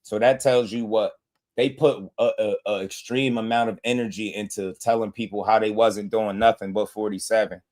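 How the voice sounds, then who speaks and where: A man's voice: fairly low pitch, fairly even intonation, normal speed, a little mellow. A man hosting a live boxing stream, trash-talking and mocking his chat viewers, laughing often and repeating their names as he taunts them. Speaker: boxing livestream host.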